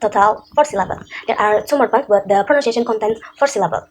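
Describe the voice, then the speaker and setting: A young woman gives a student class presentation, reading from notes and working slowly and deliberately through examples one by one. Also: mid-range voice, slight background noise, rough recording.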